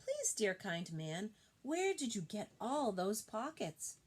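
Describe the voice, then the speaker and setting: A woman voicing a tearful, gentle mother kangaroo in a children's storybook, pleading and sweet. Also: mid-range voice, sing-song, slow pace. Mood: eager.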